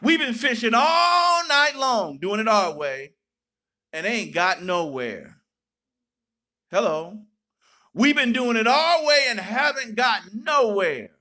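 Male pastor, very high pitch, slow measured delivery, preaching with bursts of shouting. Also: animated. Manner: preaching with sudden shouts and playful asides. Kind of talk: sermon.

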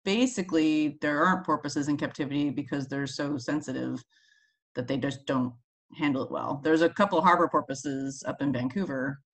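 A woman's voice: deep voice, moderate pace. A woman scientist co-hosting a casual educational chat, explaining animal facts in a chatty way and laughing often. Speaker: marine mammal scientist co-host.

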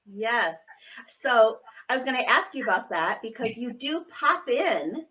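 A woman's voice: on the high side, very animated, a little slow, bright, forceful tone. A woman hosting a podcast, asking friendly, encouraging questions of her guest. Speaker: podcast host. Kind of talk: casual podcast interview.

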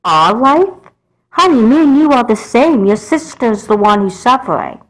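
A woman voicing a calm, firm mother in a doll movie, scolding patiently. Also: fairly high pitch, moderate pace, poor audio.

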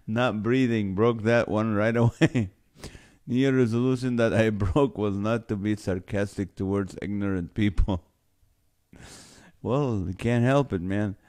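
A man's voice: fairly low pitch, takes it slowly, long pauses, a little mellow. A man hosting a live stream, reading viewer comments aloud and joking, often breaking into laughter. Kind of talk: casual live-stream chat.

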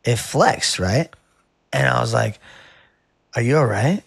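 Animated man telling a wild story. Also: medium pitch, takes it slowly, gravelly, slightly rough, no room sound, studio quality. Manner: animated, rambling, says "bro" a lot. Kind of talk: casual storytelling.

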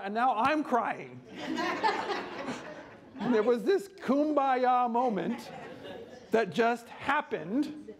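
High-voiced man telling a story. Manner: lively, conversational storyteller. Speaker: home care trainer and speaker. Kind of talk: storytelling presentation.

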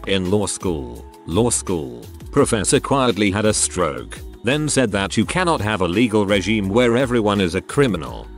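A man reading online stories aloud as scripted narration, with a wry, dry storytelling manner. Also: fairly low pitch.

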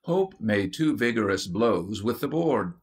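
A man narrating a children's story from an audiobook in a measured storytelling manner. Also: fairly low pitch, animated. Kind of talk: scripted narration.

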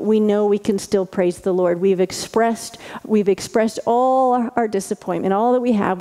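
A woman's voice: medium pitch, dark tone. A woman pastor giving a conversational sermon, chatty and full of asides and restarts. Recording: long reverb of a large hall.

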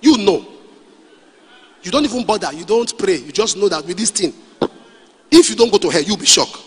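A middle-aged Nigerian man preaching a sermon, animated and storytelling, with pidgin asides. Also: high voice, normal speed, in a large hall. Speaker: pastor.

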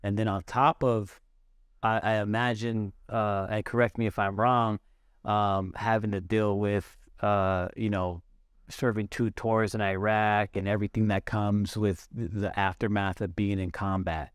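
Soft-spoken interviewer man, smooth low voice. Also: level tone, a little slow, no room sound, studio quality. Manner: soft-spoken, gentle listener with brief acknowledgments. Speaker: interview host.

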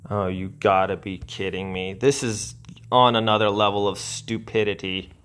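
A man giving frustrated gameplay commentary as a channel host, sighing and ranting with drawn-out insults at the game. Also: fairly low pitch, steady tone, a bit bright.

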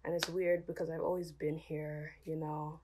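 A woman's voice: low voice, level tone, normal speed, darkish tone. A woman artist speaking wearily and reflectively in a documentary interview. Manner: weary, reflective. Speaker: Black artist, student interviewee.

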